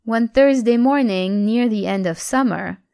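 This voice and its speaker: A woman narrating a scripted story in a steady, even storytelling manner on a close mic. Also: fairly high pitch, a little slow, gravelly, clear, resonant tone, no room sound. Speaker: audiobook narrator.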